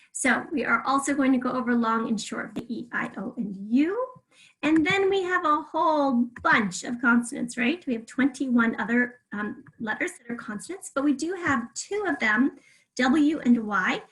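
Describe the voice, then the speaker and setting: A woman teaching a remote spelling lesson to third graders, talking patiently and clearly with example sentences. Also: a little high, a bit bright, low-quality recording. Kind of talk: remote spelling lesson over shared slides.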